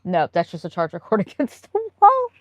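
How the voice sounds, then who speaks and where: A woman's voice: lowish voice, huge pitch swings, fairly quick, dry recording. A woman live streamer chatting casually and answering viewer comments, rambling and laughing often.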